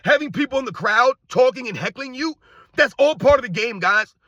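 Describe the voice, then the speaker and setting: Heated high-voiced man ranting about basketball. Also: animated, a little fast, sharp tone, dry recording, dull audio. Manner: heated, repetitive, addresses viewers directly. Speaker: sports commentator. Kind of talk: ranting commentary.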